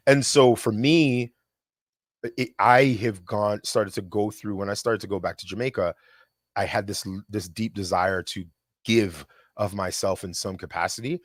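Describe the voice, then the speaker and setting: A man's voice: fairly low pitch, no room sound, studio quality. A young adult man, a filmmaker guest, talking reflectively and animatedly in a casual conversation. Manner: reflective, animated storyteller with quick impressions.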